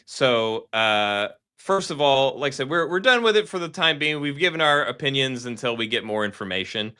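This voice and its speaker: Male podcast host, mid pitch, bright tone, rambling self-correcting banter. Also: animated, normal speed, clear, resonant tone. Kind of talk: casual chat.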